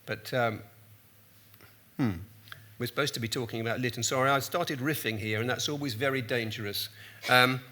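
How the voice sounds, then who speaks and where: Bright-voiced older man telling stories. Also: mid-range voice, steady tone, moderate pace, pauses often. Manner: self-deprecating, rambling, frequent restarts. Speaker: keynote speaker, journalist. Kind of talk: conference talk, anecdotal storytelling.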